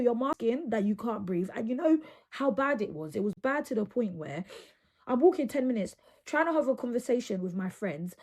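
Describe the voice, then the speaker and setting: Earnest young woman with a husky voice. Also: on the high side, dark tone. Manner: earnest and emphatic, repeats words for stress. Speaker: video creator. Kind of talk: casual talk to camera.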